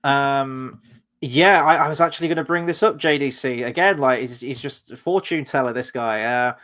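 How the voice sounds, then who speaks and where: A man's voice: mid-range voice, normal speed, fairly bright tone. Enthusiastic man chatting about films. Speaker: podcast co-host. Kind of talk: casual film-review chat.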